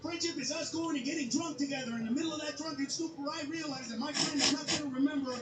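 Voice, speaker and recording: A man doing stand-up, ranting loudly and profanely, often breaking into shouts. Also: very high-pitched, fast talker, echoey room, very noisy. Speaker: stand-up comedian. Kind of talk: stand-up set.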